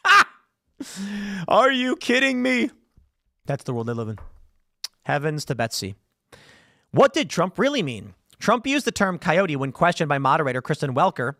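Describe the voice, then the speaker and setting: A man's voice: fairly high pitch, sing-song, normal speed, pushed and bright, dry recording, clean studio sound. A man hosting live political commentary, talking in a sarcastic, mocking way and slipping into mock voices. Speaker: political show host. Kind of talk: opinionated live-stream commentary.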